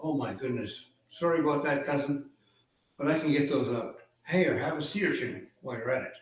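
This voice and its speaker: A man voicing a sly, smooth-talking male trickster raven who coaxes in an overly friendly way. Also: medium pitch, fairly quick, lightly acted. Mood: coaxing. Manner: coaxing, wheedling, overly friendly. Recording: echoey room, far from mic.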